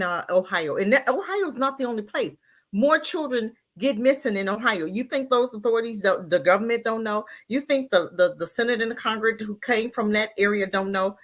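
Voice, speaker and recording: A woman co-hosting a talk radio show, speaking with impassioned emphasis and firing off rhetorical questions. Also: fairly high pitch. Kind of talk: heated opinion talk.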